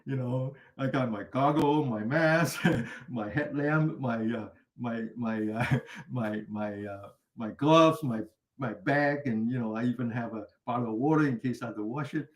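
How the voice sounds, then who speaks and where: An older man leads a mindfulness class, his medium-pitched voice moving at a measured pace in a roomy space. He tells stories chattily, laughs often, and keeps tossing in a rhetorical "right?".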